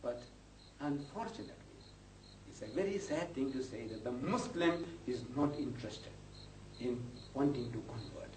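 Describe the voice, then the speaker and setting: A man's voice: medium pitch, animated, normal speed, a little mellow. A man preaching to a live audience, impassioned and full of rhetorical questions. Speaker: Islamic preacher. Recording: echoey hall from far off, faint hiss.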